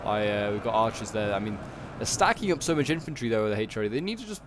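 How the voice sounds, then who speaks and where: A man's voice: lowish voice, big pitch swings, quick pace, background noise. A man with a Yorkshire accent giving casual, rambling gameplay commentary, full of "like" and "um" and corrections. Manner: rambling, lots of "like" and "um", self-correcting. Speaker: game channel host.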